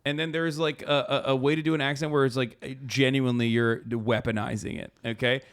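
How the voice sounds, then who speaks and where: A man hosting a casual live stream, reacting to posts with animated, profane commentary. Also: mid-range voice, fairly quick. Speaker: streamer host.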